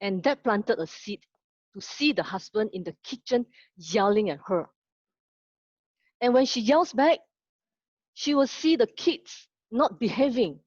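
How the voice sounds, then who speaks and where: Slow-speaking woman teacher. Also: fairly high pitch, expressive, a little mellow, no room sound, lo-fi sound. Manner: asks the class questions, then tells a story. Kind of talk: online lesson told as a story.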